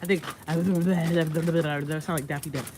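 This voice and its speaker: A woman's voice: low voice, fairly even intonation, slow. A woman walking outdoors with a stroller, chatting casually and rambling about her art, often laughing. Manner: rambling, laughing, talks to her baby in a sing-song voice. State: pushing a stroller while walking. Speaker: vlogger and artist. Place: outdoors on a walk. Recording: noisy outdoor phone recording.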